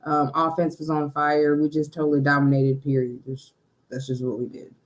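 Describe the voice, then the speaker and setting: A woman's voice: low voice, monotone, moderate pace. A woman co-hosting a casual sports podcast, hesitant with fillers but emphatic in her points. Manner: hesitant, many "uh" and restarts, then emphatic. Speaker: podcast co-host.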